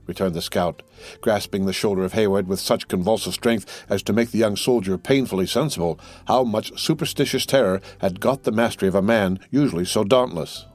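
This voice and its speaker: A man reading a classic adventure novel aloud as an audiobook narrator, in a measured storytelling manner. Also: lowish voice, soft background music. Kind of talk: scripted narration.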